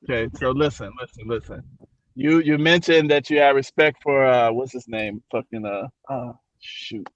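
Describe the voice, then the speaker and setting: A man in an online debate who asks questions in a halting, rambling way. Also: medium pitch, lo-fi sound. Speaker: debate participant.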